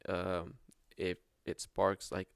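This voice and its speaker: A man's voice: deep voice, monotone, takes it slowly, smooth, no echo, clean studio sound. A man hosting a podcast in casual chat, laid-back, giving short replies and explaining the rules of a drinking game. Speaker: podcast host.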